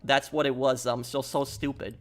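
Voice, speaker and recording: A man's voice: medium pitch, level tone, normal speed, faint music behind. Rambling male streamer chatting casually. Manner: rambling, repeats himself, chatty. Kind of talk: casual live-stream chat while gaming.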